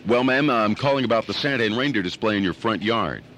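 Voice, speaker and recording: A man voicing a stiff, deadpan male police sergeant who keeps saying ma'am in a prank phone call. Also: fairly low pitch, quick pace, a little hiss or hum. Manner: deadpan, formal, ends lines with ma'am. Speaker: prank caller.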